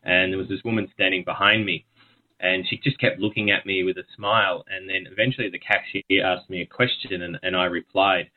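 An Australian man talking as a guest, telling stories in a relaxed chat and laughing easily. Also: low-pitched, fairly quick. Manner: chatty storyteller, laughs easily. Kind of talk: casual chat. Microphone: phone call. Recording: tinny phone line.

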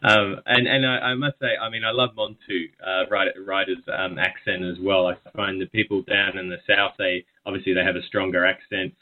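An Australian man chats and tells stories with easy laughs. His voice sits very low. It comes through a narrow, tinny phone line. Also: little pitch movement, fairly quick, few pauses. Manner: chatty storyteller, laughs easily. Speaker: guest. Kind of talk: casual chat. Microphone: phone call.

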